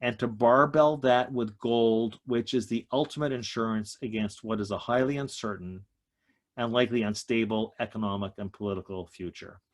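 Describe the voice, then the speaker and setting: A man's voice: fairly low pitch, normal speed. A man giving an emphatic economic talk to a group over a video call, slightly out of breath. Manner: emphatic, stresses key points. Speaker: economist guest speaker.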